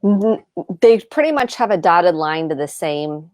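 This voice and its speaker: Calm explaining woman, slightly low voice. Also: unhurried, no room sound, clean studio sound. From United States. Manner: calm, explanatory, acts out example dialogue. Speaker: therapist co-host. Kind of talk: live advice chat.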